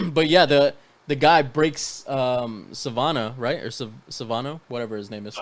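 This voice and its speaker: A man co-hosting a casual movie review podcast, excitable and profane, often laughing and shouting when he reacts. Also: mid-range voice, moderate pace. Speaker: podcast co-host.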